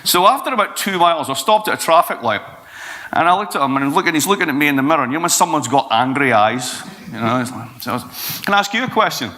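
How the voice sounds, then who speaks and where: A Scottish man in his forties, a guest speaker answering questions in a blunt, profane, lively way. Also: fairly high pitch, quick pace. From Scotland. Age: 40s. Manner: blunt, profane, animated storytelling. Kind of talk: Q&A talk at an event.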